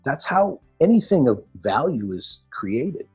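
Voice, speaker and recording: This guest's mid-range voice is sing-song, unhurried, a little mellow and husky. Chatting casually about Bitcoin mining, he tells anecdotes, acts out the characters he quotes and keeps restarting. Dull lo-fi audio carries faint music.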